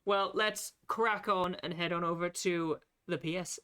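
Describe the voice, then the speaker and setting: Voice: mid-range voice, fairly even intonation, a little slow, pushed and bright, clear, resonant tone. A streamer, chatting casually and swearing while playing a game live and reading its text aloud. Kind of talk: casual live gameplay chat.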